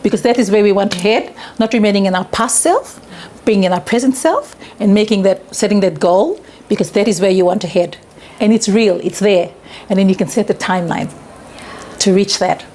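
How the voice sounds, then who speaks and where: A woman's voice: medium pitch, brisk. Earnest woman giving a heartfelt testimonial. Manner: earnest, reflective, laughs when excited. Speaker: retreat graduate interviewee. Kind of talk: testimonial interview.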